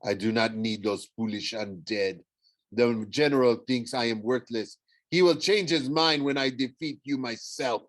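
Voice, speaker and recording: A man's voice: mid-range voice, a little slow, fairly bright tone, no room sound, natural voice. A man doing a gloating French monster. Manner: sneering, boastful. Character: hungry gloating male monster.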